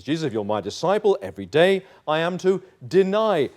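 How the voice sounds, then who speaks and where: A man's voice: a little high, sing-song, fairly quick. A male pastor preaching a sermon in church, emphatic and acting out little dialogues.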